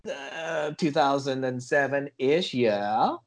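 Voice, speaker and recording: A man's voice: mid-range voice, slow. A man co-hosting a casual podcast, teasing his partner in a playful way. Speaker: podcast co-host.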